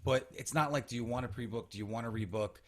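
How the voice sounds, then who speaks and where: A man who runs a salon shares his view on a panel. He talks conversationally, stumbling and repeating words. His voice is at a middle pitch. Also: quick pace.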